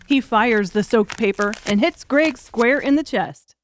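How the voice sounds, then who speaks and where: A woman's voice: fairly high pitch, measured pace, slight background noise. A woman narrating an audiobook in a wry, crude comic storytelling manner.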